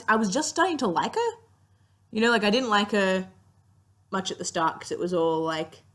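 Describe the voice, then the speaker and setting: A woman's voice: fairly low pitch, a bit bright. A young woman giving a casual, rambling TV review, chatty and gushing with lots of fillers, tired and yawning. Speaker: TV series reviewer.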